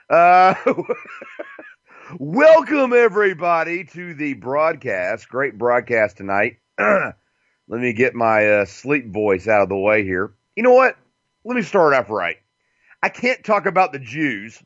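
A man hosts a casual talk radio show in a slow, rambling drawl, his pitch swinging widely as he wanders between thoughts with fillers and chuckles. The sound is dry and close, with a dull lo-fi tone. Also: sing-song, a bit bright, dry recording.

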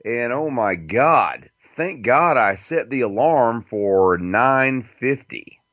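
A man hosts a casual talk radio show in a slow, rambling drawl, his pitch swinging widely as he wanders between thoughts with fillers and chuckles. The sound is dry and close, with a dull lo-fi tone. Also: animated, a bit bright, no room sound.

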